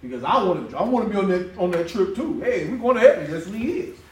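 Lively laughing preacher in a roomy hall. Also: male voice, high-pitched, fast, slight background noise. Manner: lively, laughing, acts out quoted voices. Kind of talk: conversational sermon. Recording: roomy echo from a distance, faint ambience.

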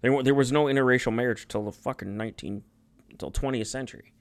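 A man's voice: mid-range voice, quick pace. A young man co-hosting a casual podcast. He rambles and swears, often stopping partway through a sentence to start it again. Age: young adult. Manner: rambling, profane, restarts mid-sentence. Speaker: podcast co-host. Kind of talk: casual chat.

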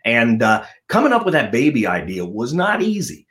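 A middle-aged man, a comedian and ventriloquist, telling stories as a guest in a casual interview. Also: normal speed. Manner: animated storyteller, lively pitch swings.

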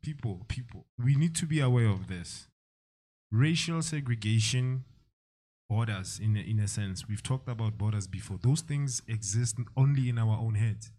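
A man's voice: mid-range voice, moderate pace, dark tone. A man in a podcast discussion, speaking emphatically and in a preachy way. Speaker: podcast co-host.

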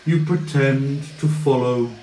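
A man voicing an arrogant, cruel male villain mage who taunts slowly and theatrically in a tabletop game. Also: medium pitch, dark tone, distant mic, natural voice. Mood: scornful. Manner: slow, sneering, theatrical taunts. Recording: echoey room with faint noise.

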